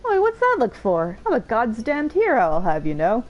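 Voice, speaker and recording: A woman reading a game character's lines, voicing a boastful, grumpy old male axeman hero with a gruff, swaggering voice pitched a bit lower than her own. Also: wildly swooping pitch, moderate pace, dull audio. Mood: indignant.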